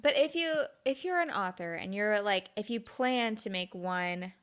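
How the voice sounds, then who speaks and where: A woman's voice: mid-range voice, lively intonation, moderate pace, fairly bright tone, clear, resonant tone. A woman on a casual discussion panel, talking in a chatty way with lots of "like" and frequent laughs. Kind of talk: casual roundtable chat.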